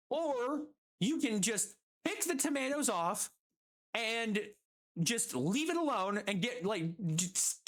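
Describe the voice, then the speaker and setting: A woman's voice: fairly high pitch, heavily acted. A woman streamer quoting a firm, no-nonsense woman restaurant manager. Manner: firm and steady.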